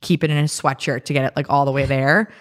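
This is a woman in her thirties with a notably low-pitched voice, chatting casually as a podcast co-host. She rambles through a personal story, leaning on "like" and slipping into quoted dialogue. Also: steady tone, fast. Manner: chatty, many fillers, acts out quotes.

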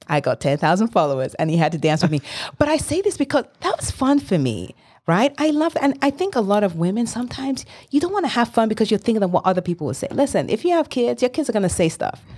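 A woman's voice: on the high side, sing-song, brisk, darkish tone, breathy edge. A woman in her fifties, a life coach, speaking as an interview guest in an enthusiastic, emphatic motivational way. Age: 50s. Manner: enthusiastic, emphatic, laughs often.

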